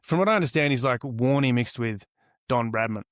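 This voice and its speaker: A man's voice: medium pitch, expressive, a little fast, a bit bright, no room sound, clean studio sound. An Australian man co-hosting a podcast in casual chat, talking in rambling explanations and laughing easily. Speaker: podcast co-host.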